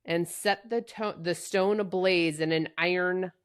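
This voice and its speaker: A woman's voice: lowish voice, fairly even intonation, a little slow, clear, resonant tone. Explaining woman podcast co-host. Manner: explanatory, correcting details. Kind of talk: casual book chat.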